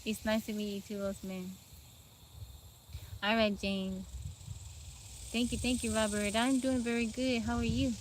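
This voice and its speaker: Woman, relaxed, sleepy, outdoor livestream, phone mic, insect noise. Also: on the high side, measured pace, pauses often, rough recording. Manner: relaxed, greets viewers by name. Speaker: livestream host. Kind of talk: casual live stream chat. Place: outdoors among trees. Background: insects and outdoor ambience.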